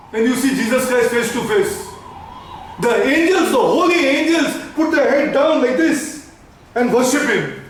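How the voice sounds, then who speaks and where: A man's voice: extremely high pitch, lively intonation, unhurried, a little hiss or hum. A man, preaching emphatically, repeating lines and slipping into Hindi. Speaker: pastor. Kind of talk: sermon. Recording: echoey hall, voice from a distance.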